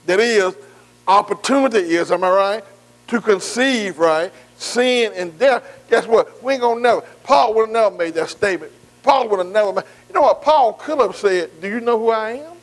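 In a low-quality recording, a man with a voice that sits high leads a folksy, informal bible study, preaching conversationally. He engages the room and keeps checking in with listeners, repeating "see" and "am I right."

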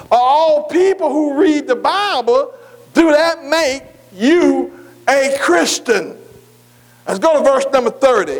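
A man preaching a sermon, reading scripture slowly and drawing out the words, then asking his congregation questions and repeating phrases for emphasis. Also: extremely high pitch. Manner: slow, drawn-out reading of scripture.

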